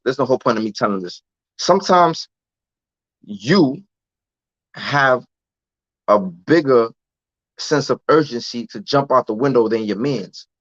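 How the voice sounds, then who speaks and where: A man's voice: medium pitch, no echo. A man, telling a candid story as a podcast guest in streetwise slang. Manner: streetwise slang, often adds "you know what I'm saying". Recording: dull, dry lo-fi recording.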